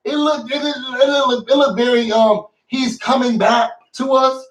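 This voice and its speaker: A man's voice: very high voice, fairly even intonation, normal speed, distant mic, slight background noise, low-quality recording. A man hosting a casual recap vlog, talking to his viewers in a sassy, theatrical way. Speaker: show recap host.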